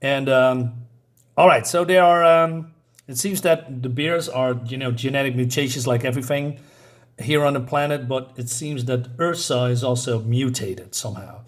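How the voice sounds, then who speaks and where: At a moderate pace and mid-range pitch, a man rambles through a casual comic book review, full of fillers and corrections to himself, reading the characters' lines in a mostly plain tone.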